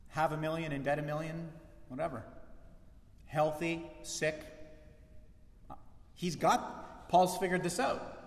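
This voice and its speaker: A man preaching a sermon as pastor, lively and acting out the voices he quotes. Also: high-pitched, measured pace, long pauses. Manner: animated, acts out quoted voices. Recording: echoey church hall.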